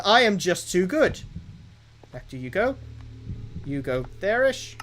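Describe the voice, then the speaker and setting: High-voiced excitable young man gaming. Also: measured pace. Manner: excitable, playfully boastful, thinks aloud. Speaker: gaming streamer. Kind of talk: live game commentary to chat.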